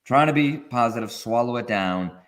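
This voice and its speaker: A man guest on a podcast interview, explaining in an animated way and acting out quoted feelings. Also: mid-range voice, normal speed. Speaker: guest expert.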